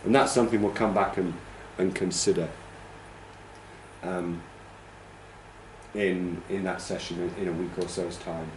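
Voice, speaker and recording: A man's voice: sits low, steady tone, unhurried, pauses often, reverberant, background noise. A man teaching a training class, explaining pronunciation and demonstrating stress patterns aloud. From United Kingdom. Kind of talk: classroom lecture.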